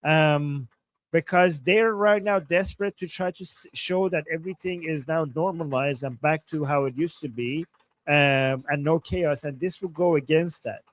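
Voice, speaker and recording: Guy co-hosting a live political stream, kinda high voice, dry close sound, hedges a lot. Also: normal speed, dry recording. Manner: thoughtful, hedging, reads messages aloud. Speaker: co-host reading viewer super chats.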